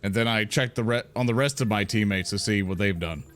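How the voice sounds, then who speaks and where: A man's voice: lowish voice, brisk, fairly bright tone, soft background music. A man playing a tabletop role-playing game, playful and hammy. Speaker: player. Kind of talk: casual tabletop play.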